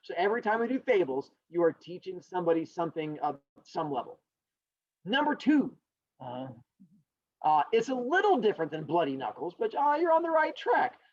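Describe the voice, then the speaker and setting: A man teaching a class, animated and joking as he talks straight to his students. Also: sits high, moderate pace, dry recording. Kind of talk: recorded classroom lecture. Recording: dull lo-fi sound.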